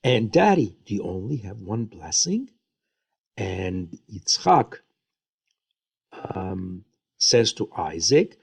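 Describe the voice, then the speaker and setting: A man retells a Bible story as a lesson, voicing the characters' lines as he goes. His pitch swings widely while his pace stays slow and deliberate. He often pauses on fillers between phrases. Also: slightly rough. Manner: lively storytelling with acted-out quotes and fillers. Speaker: Bible teacher.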